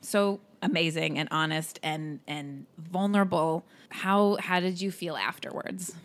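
Lower-voiced woman hosting an interview. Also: measured pace. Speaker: podcast co-host.

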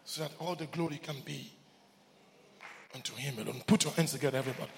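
A man preaching a sermon as pastor in a church, swinging from hushed lines to shouts and repeating key words. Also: mid-range voice, fast talker, vocal fry, pauses often, long reverb tail, a crowd in the background, background noise.

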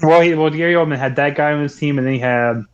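A man's voice: fairly high pitch, fast talker, dull audio. A man co-hosting a casual movie podcast, rambling with lots of swearing and frequent laughter. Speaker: podcast co-host.

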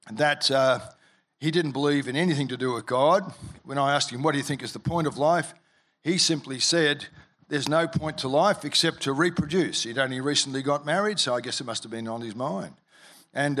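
A man preaching from the pulpit, his voice sitting a little higher than most men's. He tells his story with plenty of restarts and "uh"s, then lifts and gets louder at the exciting parts. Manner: storytelling with many restarts and filler words; lively, rises in pitch and volume when excited. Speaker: pastor. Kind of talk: sermon.

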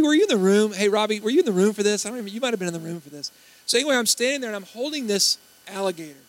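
High-voiced preacher telling stories. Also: male voice, poor audio. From Baton Rouge, Louisiana. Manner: animated storytelling, acts out quotes. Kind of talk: sermon.

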